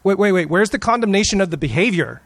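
A middle-aged male pastor preaching a sermon, telling stories with emphatic, dramatic pauses. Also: sits high, sing-song, a bit bright, no echo.

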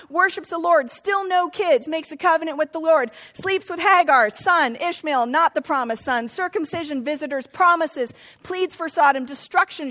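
A middle-aged woman pastor delivers a conversational sermon in an extremely high, slightly bright voice. Now and then she acts out what biblical figures might have said.

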